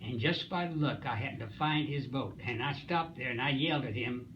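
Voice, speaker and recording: Old man in his nineties, folksy rambling storyteller, pauses to find his words, muffled lo-fi sound. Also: mid-range voice, background noise. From Springfield, Missouri, USA. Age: 90s. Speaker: WWII Coast Guard veteran being interviewed. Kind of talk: storytelling interview.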